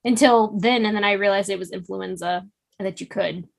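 A woman's voice: mid-range voice, a little fast, vocal fry. A woman co-hosting a podcast, telling a story in a rambling, meandering way. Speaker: podcast co-host. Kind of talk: casual chat.

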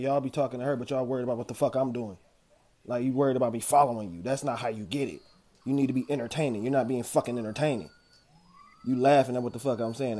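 A man's voice: mid-range voice, warm tone. A man in an angry, profane livestream rant, confrontational throughout.

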